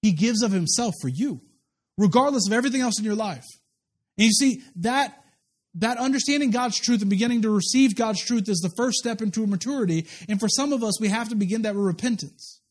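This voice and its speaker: A man's voice: sits high, lively intonation, a little fast. A man pastor preaching a sermon in a conversational, story-telling way, often repeating and restarting words, with self-deprecating humor.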